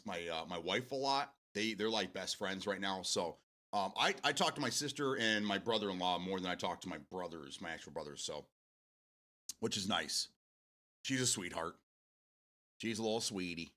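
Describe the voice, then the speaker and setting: A man hosts a live stream in loose, rambling chat, swearing freely. His voice is bright and forceful, and his pitch swoops up and down as he talks. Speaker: livestream host. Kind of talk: casual chat with viewers.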